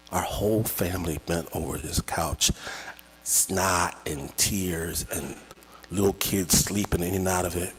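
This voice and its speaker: A man telling a dramatic, emotional personal story at a slow pace at a live event. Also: low-pitched, fairly even intonation, a bit bright, a little hiss or hum. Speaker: storyteller and podcast host. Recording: reverberant hall.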